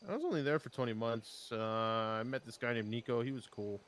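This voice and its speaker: A young man streaming a role-play game, chatting in character in a hesitant, soft-spoken way that often trails off. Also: mid-range voice, animated, fast talker. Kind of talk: casual in-character game chat.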